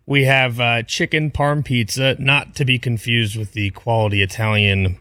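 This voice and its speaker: Male radio crew member, bright, forward tone, dry room. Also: medium pitch, steady tone, moderate pace, dry recording. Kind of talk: casual studio banter.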